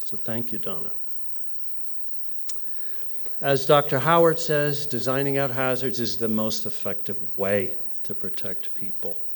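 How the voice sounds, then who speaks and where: A man's voice: mid-range voice, unhurried, pauses often. A middle-aged man from New Jersey giving a conference talk, telling stories with humor and acting out quotes in other voices. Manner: animated storyteller, mimics voices in quotes. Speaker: conference speaker. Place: conference hall.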